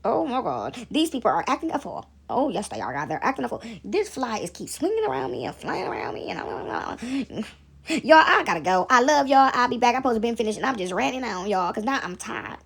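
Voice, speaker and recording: A woman's voice: a little high, very animated, fairly quick, creaky, fairly bright tone, slightly rough. A woman vlogger in a casual faith chat, rambling and preachy, talking straight to her viewers.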